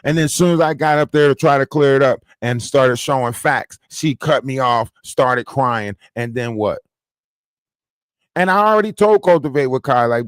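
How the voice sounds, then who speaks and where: A man's voice: a little high, expressive, normal speed, no room sound, studio quality. A man hosting a live stream, ranting emphatically and repeating his points with "right?" tags. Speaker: livestream host. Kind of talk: heated live-stream rant.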